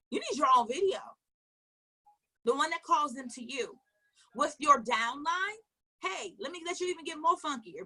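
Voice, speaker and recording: A woman giving an emphatic motivational coaching talk, firing questions at her listeners, repeating key phrases and dropping into low asides. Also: sharp tone. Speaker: network marketing coach.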